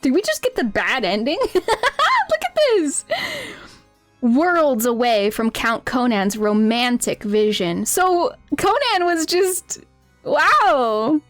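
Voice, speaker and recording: A woman's voice: high-pitched, big pitch swings, slow, dry recording, faint music behind. A woman streamer chatting casually with her viewers during a game, giggling constantly and reacting playfully. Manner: giggly, laughs constantly between lines.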